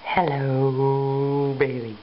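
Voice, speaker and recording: A mother talking baby talk to her infant, cooing in a sing-song way and sometimes dropping to a soft whisper, recorded on a home camcorder. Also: rumbling low, level tone, very slow, slight background noise. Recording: dull lo-fi home video sound.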